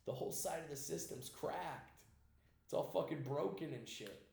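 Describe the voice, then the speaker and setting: A young man with an Italian-American accent, a podcast host telling a story in casual chat, profane and animated, slipping into voices. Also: a little high, moderate pace, gravelly. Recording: echoey room.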